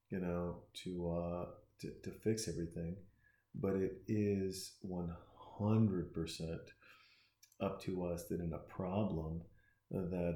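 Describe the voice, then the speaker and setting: Deep-voiced profane man rambling. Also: echoey room. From Austin, Texas. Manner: profane, preachy and excitable, with frequent restarts. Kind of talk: casual rambling monologue while watching a movie.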